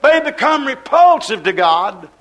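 A man preaching with a very high, bright voice. He delivers in a rhythmic, repetitive style, rising into exhortation and then dropping to quiet asides. His grammar is folksy and colloquial. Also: very animated, a little slow, low-quality recording. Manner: swings between raised exhortation and low, quiet asides. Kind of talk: sermon.

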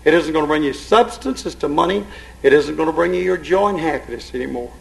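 A man preaching a sermon with fervor, moving between loud calls to the congregation and quiet, hushed asides. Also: fairly high pitch, expressive, fast talker, creaky, noisy background.

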